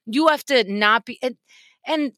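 A woman's voice: on the high side, a little slow, bright, forceful tone, no room sound, studio quality. A woman co-hosting a podcast, ranting in casual comedic chat, exasperated and profane. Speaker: podcast co-host.

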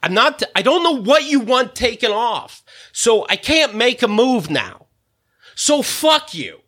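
A man rants on a podcast, his voice swooping all over the place as he swears and vents. It has a bright, forceful edge that jumps from low grumbles up to shouts. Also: sing-song, a little slow. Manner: exasperated, swearing, swinging between mutters and shouts. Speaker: podcast host. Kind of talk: profane comedic rant.

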